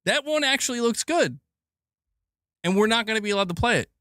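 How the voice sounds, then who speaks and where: A man's voice: sits high, animated, a little fast, pushed and bright, dry recording, clean studio sound. A man hosting a gaming news show, ranting casually with lots of swearing and restarts, laughing and mocking people as he goes. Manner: profane, rambling, laughs often, mocking voices. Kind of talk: casual opinion rant.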